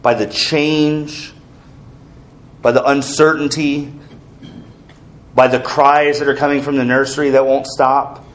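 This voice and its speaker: A man's voice: mid-range voice, flat delivery, unhurried, long pauses. A man preaching an earnest sermon as pastor, asking the congregation questions.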